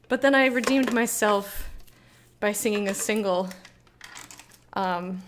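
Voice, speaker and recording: A woman's voice: mid-range voice, slow pace, slight background noise. A young woman streaming a game, chatting casually with viewers in a playful, bubbly way that slips into singsong. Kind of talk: casual live-stream chat.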